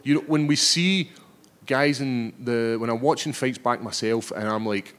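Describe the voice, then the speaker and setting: A Scottish man in his thirties, a fighter answering reporters' questions at a press scrum, cheeky and animated, often stumbling over his words. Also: mid-range voice, brisk. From Scotland. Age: 30s.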